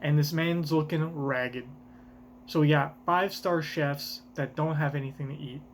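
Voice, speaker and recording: Guy reacting live, swears a lot, hypes things up, talks slow, faint hum behind. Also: on the high side. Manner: excitable, profane, rambling commentary. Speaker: reaction streamer.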